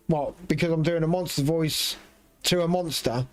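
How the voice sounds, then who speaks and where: High-voiced man rambling through gameplay. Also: normal speed. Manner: rambling, swears freely. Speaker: gameplay streamer. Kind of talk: casual gameplay commentary.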